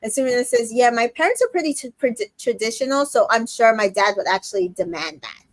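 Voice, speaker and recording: A woman hosting a casual recap chat, retelling scenes and quoting the cast in quick put-on voices, with plenty of fillers. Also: fairly high pitch, expressive, dry recording. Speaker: podcast host recapping a reality show.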